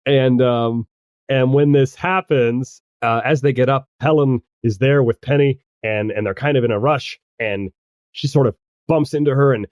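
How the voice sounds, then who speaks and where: A man narrating as game master of a tabletop game, halting and chuckling as he goes. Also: mid-range voice, a little mellow, no room sound, muffled recording. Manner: halting, full of restarts and chuckles.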